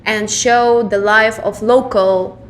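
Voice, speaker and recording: A woman's voice: mid-range voice, fairly even intonation, slow. A woman co-hosting a casual podcast, explaining at length with many fillers, restarts and "you know?" check-ins. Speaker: podcast co-host.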